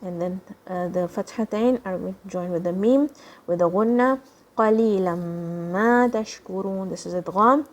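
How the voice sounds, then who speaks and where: Woman slowly modeling recitation for kids. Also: fairly low pitch. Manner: patient, explains step by step and models each word slowly; repeats words slowly for children to copy. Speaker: Quran recitation teacher. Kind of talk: children's tajweed lesson.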